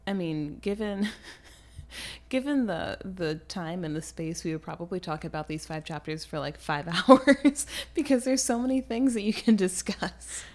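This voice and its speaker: A woman co-hosting a podcast in a casual book discussion, animated, laughing often and acting out quoted lines. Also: lowish voice, a little slow. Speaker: podcast co-host.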